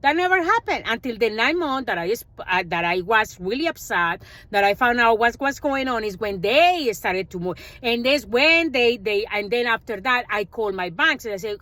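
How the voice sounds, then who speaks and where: Woman, Spanish native speaker, casual finance vlog, lively storytelling, dry close-miked sound. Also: fairly high pitch, moderate pace, few pauses, dry recording. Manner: animated storytelling, acts out quoted dialogue, non-native grammar. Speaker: personal finance vlogger.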